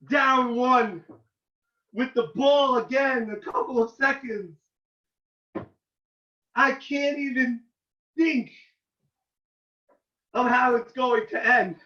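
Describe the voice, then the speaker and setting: A man, a rabbi, giving an animated informal talk to students, getting loud and excited as he tells a story. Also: very high voice, slow pace, long pauses. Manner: excitable, shouts and cracks when reliving a game. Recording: roomy, distant, dull lo-fi sound.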